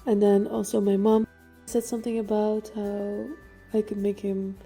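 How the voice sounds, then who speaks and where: A woman's voice: medium pitch, flat delivery, moderate pace, warm tone, faint music behind. A young woman from the Netherlands, a native Dutch speaker, chatting casually about her portrait painting in a studio vlog, with lots of fillers and laughter, a bit out of breath.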